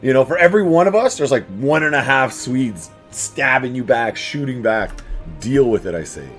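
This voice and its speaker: A man talks through his strategy game in a loose, chatty way, his pitch swinging up and down as he taunts the enemy nations on screen. His voice sits at an ordinary middle height. Faint music plays under him. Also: normal speed. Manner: animated, chatty, talks to the game's enemies. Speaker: let's play host. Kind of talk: casual strategy game commentary.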